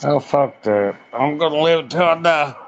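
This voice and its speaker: A man's voice: a little high, moderate pace, muffled recording. A man, a guest on a stream, joking bluntly. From West Virginia. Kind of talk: casual chat.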